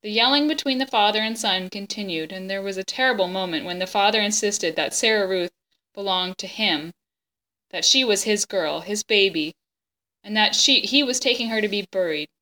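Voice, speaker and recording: A woman reading a children's chapter book aloud in a gentle, expressive way, stopping now and then to explain the pictures and the story. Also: medium pitch, normal speed.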